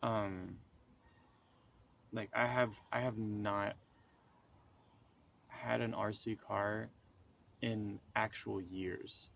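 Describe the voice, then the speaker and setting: A man's voice: lowish voice, steady tone, extremely slow, gravelly, pauses often, a bit bright, a little hiss or hum. A young man telling the story of a dream in a casual, rambling way, with many fillers and restarts. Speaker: vlogger recounting a dream.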